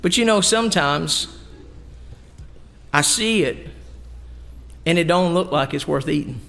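Folksy preacher man, gravelly. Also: on the high side, fairly bright tone, big-room sound. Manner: folksy, emphatic preaching with homey asides. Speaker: pastor. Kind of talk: sermon. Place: church sanctuary.

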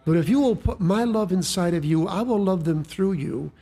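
A man's voice: high-pitched, lively intonation, normal speed, warm tone, husky. A man preaching a sermon, telling a story in a folksy way with frequent restarts and repeated words. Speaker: pastor.

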